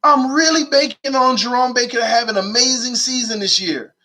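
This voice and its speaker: A young man hosting a casual live sports-talk stream, slangy and animated, reading the chat aloud and urging viewers to hit like. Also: very high voice, brisk.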